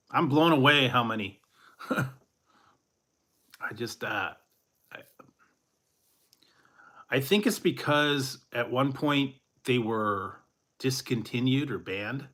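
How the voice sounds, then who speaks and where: Male streamer, casual and rambling, bright crisp tone, playful. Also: medium pitch. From Central California. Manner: rambling, chuckling, plays up a mock Canadian eh. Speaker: food review streamer. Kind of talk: casual live-stream chat.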